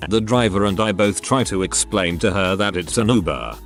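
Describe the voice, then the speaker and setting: Man, low voice, steady story reading, soft music underneath. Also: moderate pace. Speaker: narrator reading viewer stories. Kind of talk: scripted story narration. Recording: soft music bed behind the voice.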